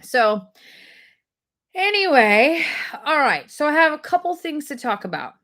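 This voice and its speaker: A woman hosting a weekly video segment tells her viewers a rambling, self-deprecating story. Her high voice is very animated and fairly bright, at a measured pace.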